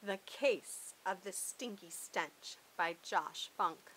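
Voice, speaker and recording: A woman hosting a channel who reads a rhyming children's picture book aloud in a lively, sing-song way. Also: lowish voice, takes it slowly, slight background noise, low-quality recording. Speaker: storybook reader.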